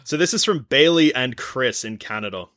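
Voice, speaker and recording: A man's voice: medium pitch, lively intonation, moderate pace, fairly bright tone. A man hosting a podcast, reading out listener emails in a jokey, casual way. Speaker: podcast host. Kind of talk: casual chat.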